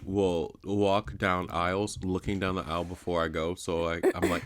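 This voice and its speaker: A man's voice: low-pitched, little pitch movement, moderate pace, dry recording. A man co-hosting a podcast in casual chat, joking and slangy, acting out brash quoted lines. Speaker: podcast co-host.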